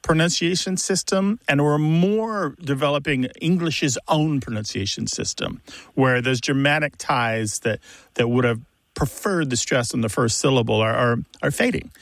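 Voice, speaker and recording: A man's voice: mid-range voice, moderate pace, vocal fry, no room sound. A man co-hosting a radio call-in show, explaining word pronunciation with enthusiasm. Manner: explanatory, enthusiastic about words.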